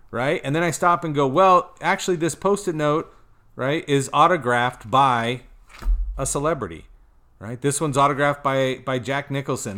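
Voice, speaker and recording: A man coaching salespeople in a casual teaching talk, acting out customer exchanges and often checking in with "right?" and "okay?". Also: mid-range voice. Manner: animated, acts out customer dialogue, frequent "right?" and "okay?". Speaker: sales trainer.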